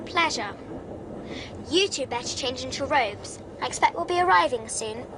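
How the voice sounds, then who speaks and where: A brisk, bossy know-it-all schoolgirl witch with a British English accent, her voice high and clipped as she orders others about in a film scene. The sound is a film clip played back with plenty of noise underneath. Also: lively intonation.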